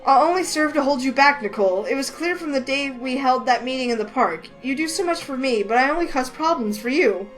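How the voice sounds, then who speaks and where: A woman voicing a shy, soft-spoken young man who talks politely and formally and hesitates, with faint music behind her. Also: high-pitched, lively intonation, a little fast, hardly any pauses, low-quality recording. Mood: earnest.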